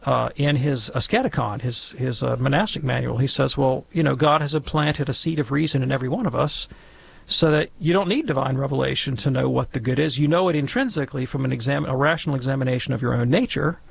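A man's voice: mid-range voice, fast, vocal fry, slightly rough. A man speaking as a guest theologian on a call-in radio show, lecturing in an academic, wry way.

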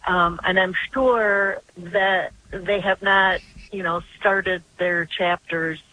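A woman's voice: fairly low pitch, fairly even intonation, slow pace, bright, forceful tone, slight background noise, poor audio. An older woman calling in to a radio show by phone, telling her story in a chatty, earnest way with many restarts. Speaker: caller. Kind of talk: call-in radio chat. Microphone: phone line.

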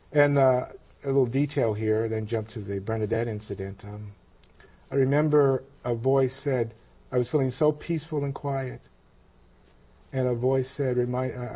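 A man telling a personal story of his spiritual experience, halting and reflective, with frequent pauses and restarts. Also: medium pitch, mellow, husky. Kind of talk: personal testimony.

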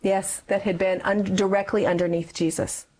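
A woman's voice: medium pitch, little pitch movement, moderate pace, mellow, poor audio. A woman in her forties giving a personal testimony in an interview, earnestly telling her story and acting out past conversations. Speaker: guest.

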